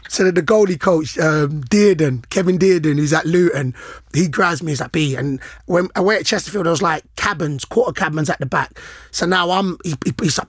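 Brief: middle-aged man, podcast co-host, high voice, dry close sound, slangy and animated. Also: a little fast, husky, no echo. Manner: animated, slangy, acts out quoted lines. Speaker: podcast co-host, former footballer. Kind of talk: casual chat, storytelling.

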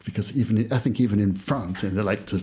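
A man's voice: lowish voice, fast talker, mellow, breathy edge. A man who teaches English, talking casually in an interview and acting out classroom exchanges, with lots of "you know" fillers.

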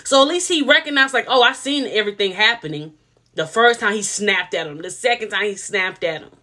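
Blunt bright-voiced woman reviewer. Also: mid-range voice, brisk. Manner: blunt, emphatic, opinionated; chatty, addresses viewers directly. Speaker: show reviewer. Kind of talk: casual opinion commentary.

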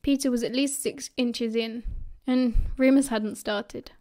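A woman's voice: fairly high pitch, fairly even intonation, a little slow, a little mellow. British woman narrating an audiobook. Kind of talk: fan audiobook reading.

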